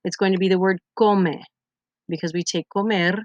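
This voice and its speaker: A woman's voice: medium pitch, steady tone, moderate pace, no echo, dull audio. A Spanish teacher, a young woman, patiently explaining grammar step by step over her slides in a recorded lesson. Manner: patient, methodical explaining with examples.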